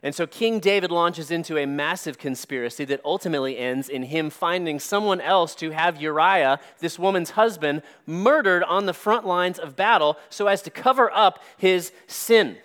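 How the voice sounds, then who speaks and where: A man preaching a sermon as a pastor, stressing words slowly and dropping his voice quietly at key points. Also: a little high, clear, resonant tone.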